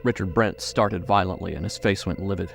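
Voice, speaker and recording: A man narrating a horror audiobook in a measured, suspenseful way. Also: low voice, creaky, over music.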